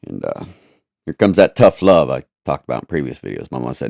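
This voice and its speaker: Very deep gravelly man, halting testimony. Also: huge pitch swings, darkish tone, no echo, clean studio sound. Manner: halting and repetitive, earnest. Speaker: personal testimony vlogger. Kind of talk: personal testimony storytelling.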